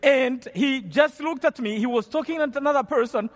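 High-voiced man preaching in a reverberant hall. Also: normal speed. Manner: earnest, repeats and restarts phrases. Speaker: preacher giving testimony. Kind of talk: storytelling sermon testimony.

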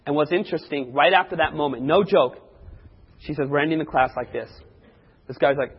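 A man's voice: a little high, fairly quick, slightly rough, a faint crowd. A man preaching, telling a personal testimony and acting out the voices of the people in his story. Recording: dull lo-fi recording in a reverberant hall.

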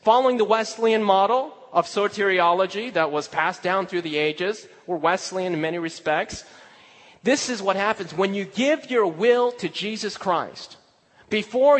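Guy pastor preaching, kinda high voice, goes quiet then loud, long echo in the hall. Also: a little slow. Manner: storytelling, swings between hushed asides and raised exclaims. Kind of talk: sermon.

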